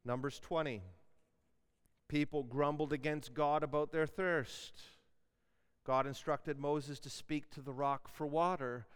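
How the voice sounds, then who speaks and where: A man preaching with an animated delivery, his voice smooth and resonant and pitched a little above the usual male range. He acts out questions and objections as he goes. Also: a little slow. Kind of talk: sermon.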